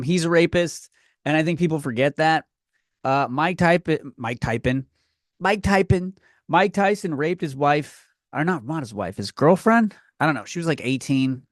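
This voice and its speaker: A man's voice: a little high, dry recording, studio quality. Swearing man ranting on a podcast. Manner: profane, ranting, with frequent restarts. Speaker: podcast host. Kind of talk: comedic rant. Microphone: podcast microphone.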